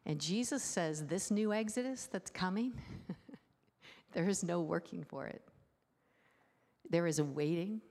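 A woman pastor preaching a casual, conversational sermon, her voice sitting low for a woman. She keeps asking the room rhetorical questions. The church sound carries a long, echoing reverb. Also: a little slow, pauses often. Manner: lively, many rhetorical questions, quiet guided breathing.

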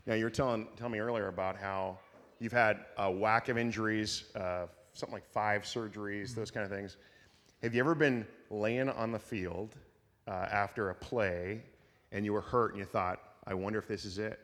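A man's voice: fairly low pitch, steady tone, normal speed, a bit bright. A man interviewing a guest on a church stage, upbeat and prodding, who jokes with the crowd as he goes. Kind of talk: onstage interview. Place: church stage before a congregation. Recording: long reverb of a large church hall.

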